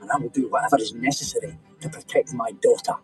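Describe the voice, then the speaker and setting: An actor playing a police officer and father who threatens teenage boys with slow, deliberate menace. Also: medium pitch, steady tone, faint music behind, natural voice, low-quality recording. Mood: menacing. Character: protective cop father threatening teen boys.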